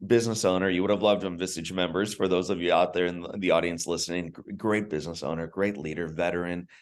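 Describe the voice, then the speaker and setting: A man's voice: deep voice, steady tone, quick pace. A man, a podcast guest, telling a personal story in an earnest, emotional way, often restarting his words. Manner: earnest, emotional, repeats words when starting.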